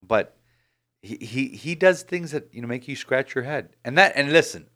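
Man, podcast host, casual sports chat, mid-pitched voice, animated, rambling. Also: moderate pace. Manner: animated, rambling, frequent restarts.

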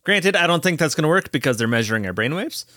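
Bright-voiced man playing a tabletop game. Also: a little high, animated, quick pace, dry recording, studio quality. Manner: hesitant, filler-heavy. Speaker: player. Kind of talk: casual tabletop play.

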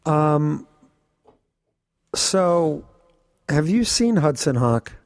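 A man co-hosting a podcast, telling a story in casual chat, animated, swearing and laughing often. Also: fairly high pitch, very slow, no echo. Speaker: podcast co-host.

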